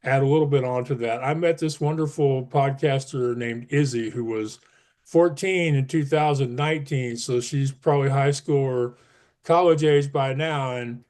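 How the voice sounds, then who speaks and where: A man's voice: medium pitch, normal speed, darkish tone. A man speaking as a podcast guest, earnest and emphatic, pushing up his voice on key advice. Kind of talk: casual interview talk.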